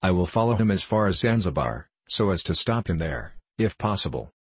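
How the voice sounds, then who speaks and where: A man voicing a stubborn, skeptical gentleman hunter in a storybook reading, speaking in a gruff, blunt and dismissive way. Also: low-pitched, very animated, fairly quick, no room sound, exaggerated voice.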